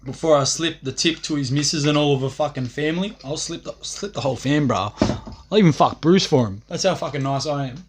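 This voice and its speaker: A young man holds forth on a livestream in a loose, profane ramble. His voice sits slightly high for a man, and he swaggers through it, laughing at his own jokes. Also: fairly quick, a little hiss or hum.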